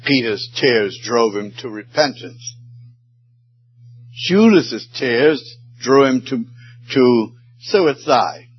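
A man's voice: mid-range voice, lively intonation, slow pace, slightly rough. A man preaching a sermon, his voice swelling and falling with emotion. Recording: muffled sermon recording.

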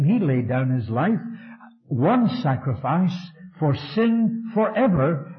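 Preacher guy, fervent sermon, voice all over the place pitch-wise, muffled old recording. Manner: fervent, emphatic preaching with rising and falling delivery. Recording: dull lo-fi recording.

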